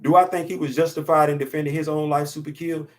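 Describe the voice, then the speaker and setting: Man, 50s, talk show host, emphatic, preachy, repeats himself, slightly high pitch. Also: level tone, fast talker. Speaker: podcast host. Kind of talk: casual opinion talk.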